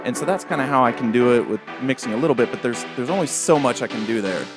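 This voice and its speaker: A man talks through a casual gear demo at his home desk, walking through each knob and setting in a relaxed, step-by-step way. His voice sits at an ordinary pitch and comes through an XLR microphone, with faint music underneath. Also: fast. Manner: relaxed, explains step by step while adjusting knobs. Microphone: XLR microphone through a mixer.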